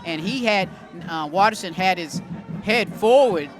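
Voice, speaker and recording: A man calling a local high school football game as play-by-play announcer from the press booth. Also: unhurried. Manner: excited shouting on big plays. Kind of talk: local sports commentary. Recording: loud crowd and music behind.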